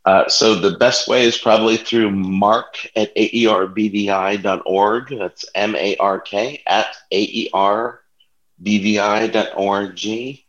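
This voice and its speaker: A man's voice: lowish voice, flat delivery, unhurried, a bit bright. A talkative, wordy man speaking as a guest in a casual discussion. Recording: dull muffled audio.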